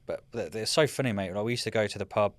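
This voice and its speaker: A man in his thirties, a military veteran guest, telling rambling, animated stories in casual chat and often saying "mate". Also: lowish voice, fast talker, no echo. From United Kingdom.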